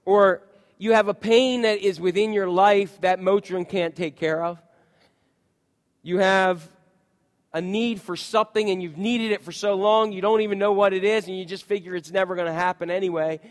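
Male pastor, thirties, high voice, chatty storytelling sermon style. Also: fairly even intonation, moderate pace, big-room sound. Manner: conversational, storytelling with voiced quotes. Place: church.

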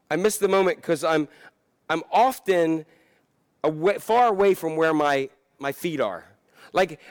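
A middle-aged man preaching a sermon in a conversational, reflective way, with asides and restarts. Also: a little high. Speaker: pastor.

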